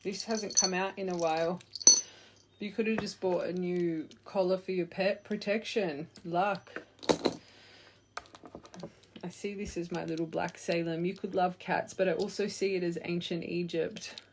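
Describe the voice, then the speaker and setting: A woman's voice: on the low side, steady tone, background noise. Woman giving a chatty card reading. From Australia. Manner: chatty, warm farewells, reads numbers in quick lists. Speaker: tarot reader. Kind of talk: casual intuitive reading to camera.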